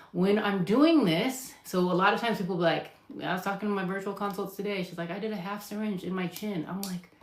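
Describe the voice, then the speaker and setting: A woman nurse practitioner answering viewer questions in casual live talk, emphatic and chatty, with lots of fillers and acted-out patient lines. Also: medium pitch. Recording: echoey room.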